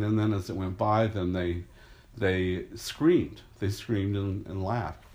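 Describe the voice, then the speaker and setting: An older man, an artist, telling an animated anecdote and acting out the crowd's voices with gasps. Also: lowish voice, a little slow. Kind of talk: storytelling anecdote.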